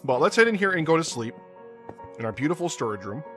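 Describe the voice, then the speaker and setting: Bright-voiced man rambling over gameplay. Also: a little high, sing-song, fast, faint music behind. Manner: rambling, repeats words, many fillers. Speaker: gaming channel host. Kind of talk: casual gameplay commentary.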